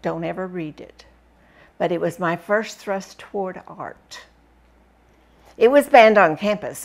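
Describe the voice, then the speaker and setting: A woman reading a first-person memoir aloud with expressive, dramatic storytelling. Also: lowish voice, creaky. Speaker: book reviewer reading aloud.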